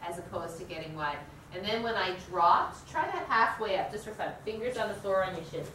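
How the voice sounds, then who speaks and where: A woman's voice: medium pitch, expressive, brisk, fairly bright tone. A woman teaching a yoga training class, talking the group through breathing and asking them questions. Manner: conversational, asks the class questions. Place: studio room with a group. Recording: echoey room, distant mic, noisy.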